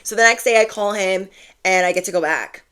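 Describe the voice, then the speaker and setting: A woman's voice: medium pitch, a little fast, clear, resonant tone. A young woman talks straight to her audience in a casual storytelling vlog. She is blunt and full of slang. She slips into the voices of the people in her story as she goes. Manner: animated, acts out quoted voices, slangy and blunt. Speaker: spiritual content creator.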